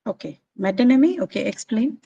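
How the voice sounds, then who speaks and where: A woman's voice: on the high side, expressive, a little fast, gravelly, dark tone, breathy edge, no room sound, highs cut off. A woman teaching a class, explaining figures of speech patiently and checking that students follow. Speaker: English literature teacher. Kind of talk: classroom lecture.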